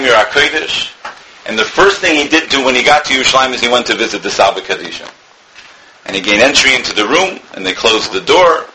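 A man's voice: medium pitch, pushed and bright, a little hiss or hum, low-quality recording. A man giving an earnest Torah talk as a rabbi, telling a story and sprinkling in Hebrew and Yiddish words.

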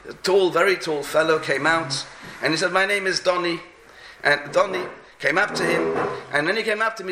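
A man's voice: a little high, sharp tone, roomy sound, slight background noise. A man giving a sermon as a rabbi, telling stories and often repeating words as he searches for the next phrase, with Hebrew and Yiddish terms mixed into his speech. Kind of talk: sermon with storytelling.

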